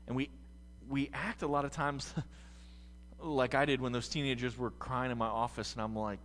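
A man from the United States preaching a sermon as pastor, swinging from quiet musing to loud, fervent passages. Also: medium pitch, flat delivery, normal speed, big-room sound, slight background noise.

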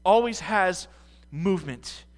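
A man from the United States preaching a sermon as pastor, swinging from quiet musing to loud, fervent passages. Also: sits high, animated, slow pace, big-room sound.

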